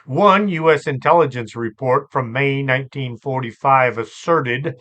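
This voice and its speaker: A man hosting a storytelling show, relaxed and chatty, with asides and fillers. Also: mid-range voice, a little slow, few pauses, highs cut off. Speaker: host and storyteller. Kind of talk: conversational storytelling podcast.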